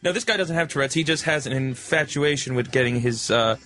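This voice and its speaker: A man who is an intern guest on a radio show, talking haltingly with many fillers in a sheepish way. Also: medium pitch, sharp tone, slight background noise. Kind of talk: casual radio talk. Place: radio studio.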